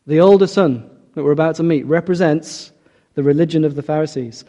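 Earnest male preacher, mellow voice. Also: fairly high pitch, brisk. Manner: earnest, emphatic, asks rhetorical questions. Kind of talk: sermon.

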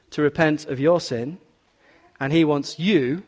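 A man's voice: on the high side, a little slow, darkish tone. A man preaching a sermon in a church, emphatic and repetitive, drawing in the congregation. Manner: emphatic, repeats key words, talks with congregation.

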